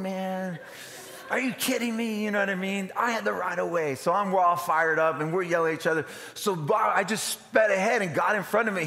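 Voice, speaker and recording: A male pastor giving an animated, dramatic storytelling sermon and calling out to the congregation. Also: sits high. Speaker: lead pastor. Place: church sanctuary. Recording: long hall reverb.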